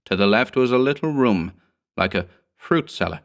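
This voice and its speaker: A man narrating a horror story in the first person, with a measured, steady delivery. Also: mid-range voice. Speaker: audiobook narrator.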